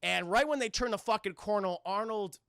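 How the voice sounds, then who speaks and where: Streamer, male, loose profane movie recap, gravelly edge, dry close mic. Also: high-pitched, a little fast, a bit bright, dry recording. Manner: rambling, profane, keeps addressing chat. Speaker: film reviewer streaming to chat. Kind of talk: casual scene-by-scene recap.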